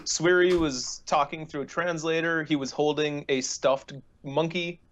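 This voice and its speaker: A man's voice: fairly high pitch, steady tone, unhurried, slight background noise. A young man co-hosting a podcast, telling stories in a laid-back, casual way with ums and uhs. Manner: laid-back storytelling with fillers. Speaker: podcast co-host. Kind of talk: casual chat.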